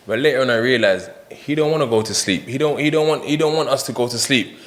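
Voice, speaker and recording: A man in casual chat, an animated storyteller who acts out the voices he quotes. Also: mid-range voice, fast talker, few pauses. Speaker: podcast guest.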